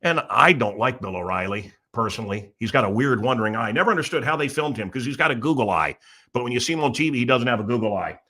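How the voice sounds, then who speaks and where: A man's voice: mid-range voice, animated, fast talker, pushed and bright. A man hosting a talk show, delivering a sarcastic, ranting comedic monologue full of mocking asides. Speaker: radio show host.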